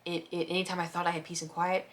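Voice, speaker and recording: A woman's voice: lowish voice, fast. Chatty woman telling a storytime. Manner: chatty, animated retelling with voiced quotes and sound effects. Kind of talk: casual storytime vlog.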